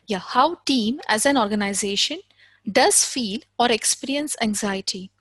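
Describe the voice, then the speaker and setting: Female moderator on a video call, somewhat high voice, hesitant, relays an audience question. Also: moderate pace, fairly bright tone, husky. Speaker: session moderator.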